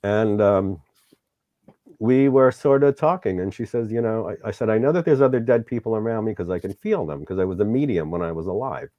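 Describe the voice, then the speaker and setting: A man's voice: on the low side, brisk, no room sound, dull audio. A middle-aged man, host of the show, candidly recounting a personal story in an interview and acting out the dialogue, sometimes getting emotional.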